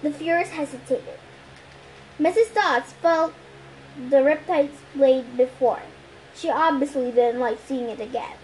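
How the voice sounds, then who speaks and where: A woman reading a novel aloud as an amateur audiobook reader, lively, putting on voices for the quotes. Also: high voice, unhurried, a little hiss or hum, rough recording.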